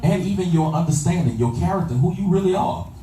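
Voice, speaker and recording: A man's voice: high voice, lively intonation, quick pace, mellow. A man preaching a sermon, repeating phrases and asking the congregation if they follow him. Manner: call-and-response, repeats phrases, asks "you understand that?". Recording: echoey room from far off with faint ambience.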